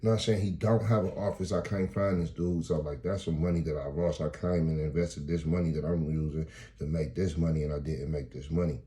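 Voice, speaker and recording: A man performs freestyle stand-up comedy, telling a profane story and acting out its dialogue. His voice sits low and sounds mellow and relaxed. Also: brisk.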